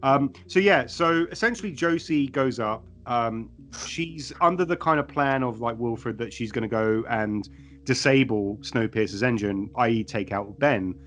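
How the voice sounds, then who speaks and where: A man's voice: medium pitch, measured pace, a bit bright. A man co-hosting a podcast who chats casually about a TV show, cracks dad jokes and puts questions to his co-host. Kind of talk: casual TV recap chat.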